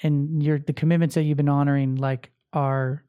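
The recording has its highs cut off, but the man's fairly high, smooth voice comes through level and at a moderate pace. Filming himself for his podcast and coaching show, he delivers a casual, emphatic motivational monologue, cursing freely and repeating phrases for impact.

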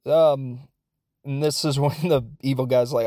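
A man's voice: medium pitch, fairly even intonation, a little slow, warm tone. A man recapping a foreign film in a rambling, jokey way with lots of asides. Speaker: film reviewer.

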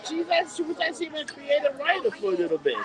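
A man's voice: very high voice, sing-song, racing, over music, poor audio. A man in casual podcast chat, blunt and argumentative, saying "dude" often. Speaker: podcast co-host.

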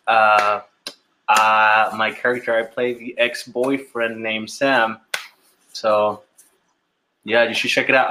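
A chatty man from Panama whose English carries a Panamanian accent. He talks casually as a podcast guest and rambles through his stories at an everyday pitch. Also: sharp tone, slight background noise, low-quality recording. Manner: chatty storyteller who mimics voices in quotes.

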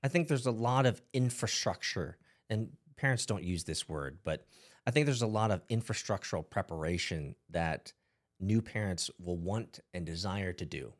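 A man's voice: low-pitched, expressive, moderate pace. A man hosting a casual podcast conversation, talking with animation, swearing casually and acting out voices he quotes.

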